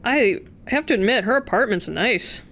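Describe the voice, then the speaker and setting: A woman's voice: fairly high pitch, expressive, moderate pace, a bit bright. A woman commenting on a video game, making joking, sarcastic asides. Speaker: let's play streamer.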